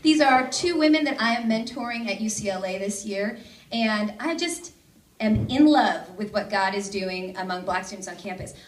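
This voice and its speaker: Her medium-pitched voice moves at a normal pace with lively intonation and slight background noise. She's a thirty-something campus ministry staffer from suburban Seattle, joking and bubbly as she addresses a large conference crowd through a stage mic, and the hall echoes around her.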